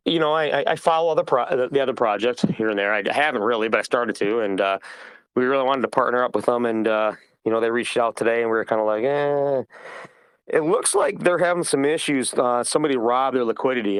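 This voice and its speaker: Man, mid-pitched, dry close sound, rambling and profane, casual AMA host. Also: dry recording. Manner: rambling and blunt, swears freely, acts out customer dialogue. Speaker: project founder hosting an AMA. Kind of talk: casual unscripted monologue.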